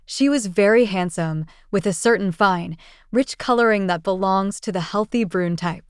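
Smooth-voiced woman reading a classic story. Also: medium pitch, no room sound, studio quality. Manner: measured, even storytelling. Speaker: narrator.

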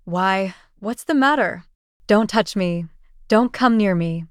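A woman reading the part of a proud young society woman, agitated and pleading in a smooth, dry voice. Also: mid-range voice, slow, no echo, close to an everyday voice. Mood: indignant. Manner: agitated, pleading, then sharp.

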